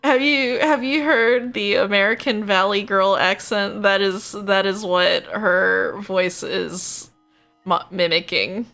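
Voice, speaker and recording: A woman's voice: mid-range voice, steady tone, slow, creaky, sharp tone, soft background music. A woman streaming a video game, chatting playfully with viewers, giggling and reading puzzles aloud. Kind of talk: casual let's play chat.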